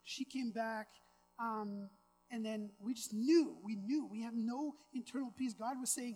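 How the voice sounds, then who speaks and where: A woman with a fairly high voice preaches a sermon, talking in a relaxed, chatty way with offhand jokes and asides. She builds to emphatic, repeated phrases as the preaching intensifies. Soft music plays faintly behind her. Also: unhurried, poor audio. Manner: conversational, with casual asides and self-deprecating humor.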